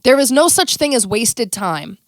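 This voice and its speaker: A woman hosting her own podcast, giving a casual motivational monologue in a blunt, animated way and swearing freely. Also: a little high, measured pace, dry recording, studio quality. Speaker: podcast host.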